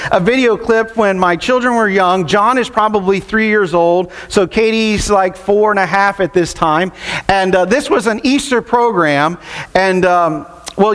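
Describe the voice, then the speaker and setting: High-voiced middle-aged male pastor. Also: fairly bright tone. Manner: conversational, storytelling, laughs often. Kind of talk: sermon.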